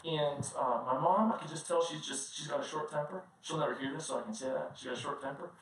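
A male pastor with a fairly high voice preaches fast, heard from a distance in a large, very echoey church hall with faint noise. His sermon is conversational and animated, built on personal stories he often laughs through.

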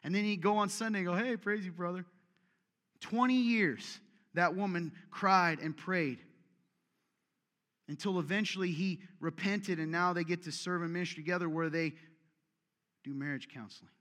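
A man's voice: sits high, normal speed. Emphatic male pastor in a reverberant hall. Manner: emphatic, conversational preaching with swings in loudness. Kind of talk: sermon.

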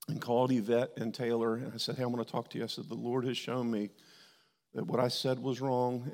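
A middle-aged man preaching a sermon, telling a candid personal story and breaking into loud quoted outbursts. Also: mid-range voice, creaky. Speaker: pastor. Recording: long hall reverb.

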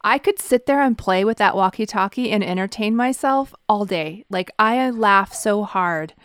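A woman's voice: mid-range voice, normal speed, clean tone, dry recording, studio quality. A woman co-hosting a podcast in casual chat, enthusiastic and laughing often. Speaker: podcast co-host.

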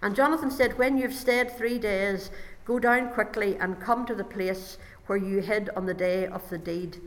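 A woman's voice: medium pitch, long reverb tail. A woman preaching a sermon, reading scripture aloud and stopping to explain it.

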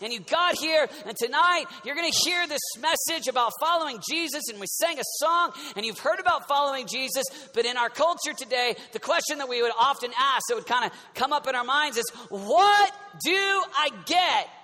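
A male preacher with a very high, bright voice tells stories in an animated, conversational way. His sermon rings with the long reverb of a large hall. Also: fairly quick, few pauses.

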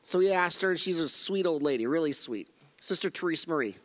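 A middle-aged male pastor delivers a sermon with earnest emphasis, stressing key phrases and restarting sentences as he builds his points. His voice sits a little high for a man. The sound carries the long reverb of a church sanctuary. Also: lively intonation, brisk, a bit bright.

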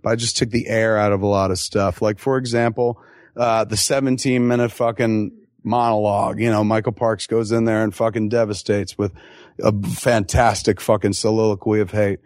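A man answering audience questions at a live Q&A, telling stories in an animated, profane way with quick asides and acted-out quotes. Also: on the low side, no room sound, clean studio sound. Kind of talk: live Q&A storytelling.

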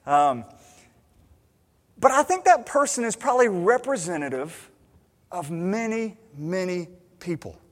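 Brief: high-pitched male pastor, chatty sermon delivery with restarts, long reverb from a church hall. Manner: conversational with many restarts and self-corrections.

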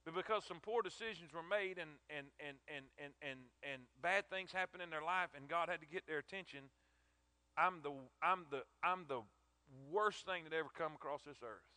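A man's voice: on the high side, moderate pace, pushed and bright, clear, resonant tone, no echo. A man preaching a sermon in an emphatic, emotional way, often repeating his words.

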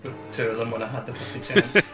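Fast-talking gamer man. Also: medium pitch, expressive, over music. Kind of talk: casual game chat.

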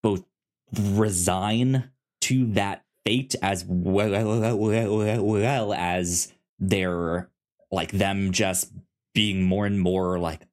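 A man co-hosting a podcast, chatting casually in a halting way with many restarts. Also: low voice, fairly even intonation, darkish tone. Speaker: podcast co-host. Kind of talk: casual discussion.

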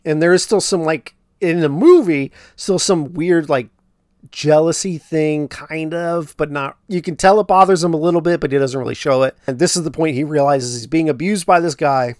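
A man's voice: on the high side, normal speed, a little mellow, dry recording, clean studio sound. A man hosting a podcast, casually recapping a film with lots of fillers and asides about what really happened. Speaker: podcast host.

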